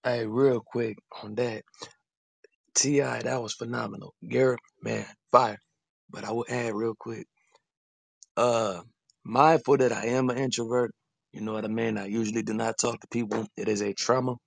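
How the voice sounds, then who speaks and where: A man on a casual podcast, speaking in a relaxed, conversational way with frequent fillers. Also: medium pitch, normal speed, gravelly, no echo. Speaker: podcast co-host.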